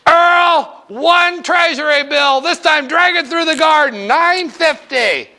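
Male lecturer as a high, fussy older woman clerk who pries into everyone's business. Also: slow, bright, forceful tone, exaggerated voice. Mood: bossy. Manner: gushing, meddling. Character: chatty nosy older woman auction clerk.

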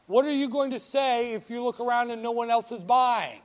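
A man's voice: extremely high pitch, brisk. A man teaching finance to a classroom, teasing students and quizzing them with jokes between the math. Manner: joking, teasing students, animated. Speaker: finance lecturer. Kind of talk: classroom lecture.

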